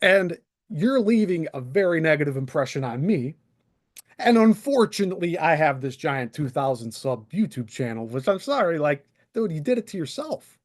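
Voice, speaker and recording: Heated, animated man in his thirties ranting. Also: a little high, normal speed. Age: 30s. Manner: heated, sarcastic, profane, very animated. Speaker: channel host. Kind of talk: angry solo rant to camera. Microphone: desk microphone.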